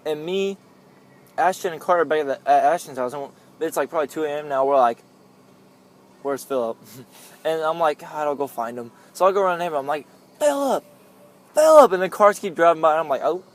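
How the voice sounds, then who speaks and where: A man's voice: on the high side, quick pace. A young man telling a story among friends in a casual chat, rambling with lots of "like" and laughing often.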